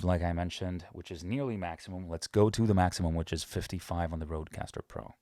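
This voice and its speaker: A man teaching about microphones in a chatty, casual demonstration, moving closer to and farther from the mic in a small, lively room. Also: low voice, fairly quick, hardly any pauses. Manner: chatty, explains while moving toward and away from the mic. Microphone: studio microphones tested at changing distances.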